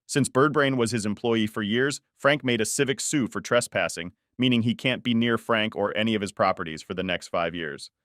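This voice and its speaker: A man narrating a personal story in the first person with a steady, even reading. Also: on the low side, fairly quick, few pauses, no echo, studio quality.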